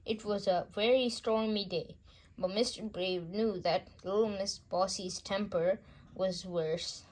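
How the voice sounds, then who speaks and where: A woman reading a children's bedtime story aloud, gentle and unhurried, with small slips. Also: mid-range voice, fairly even intonation.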